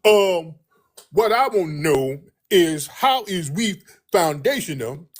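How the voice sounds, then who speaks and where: A man's voice: fairly high pitch, lively intonation, slow pace, voice pushed up. A man imitating a pompous, hostile male caller who rambles about secret documents, in a smug, condescending voice.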